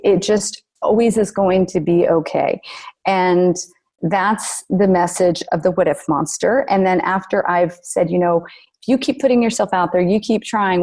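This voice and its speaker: Earnest woman author telling stories. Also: fairly low pitch. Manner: earnest, animated storyteller. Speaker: children's author, guest. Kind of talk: podcast interview.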